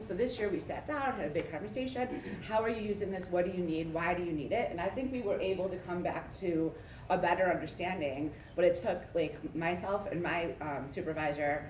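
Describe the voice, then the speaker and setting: A woman's voice: fairly low pitch, fast, darkish tone, a little hiss or hum. A woman taking part in a workshop discussion, talking casually with fillers like "like" and "um". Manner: conversational, many fillers like "like" and "um". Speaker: workshop participant. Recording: echoey room, mic far off, faint ambience.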